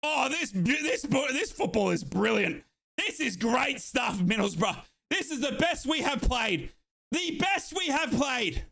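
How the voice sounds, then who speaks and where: A young man from Australia giving excited, breathless live commentary on a football match as a fan streamer, shouting and chanting along. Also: extremely high pitch, slow pace, vocal fry.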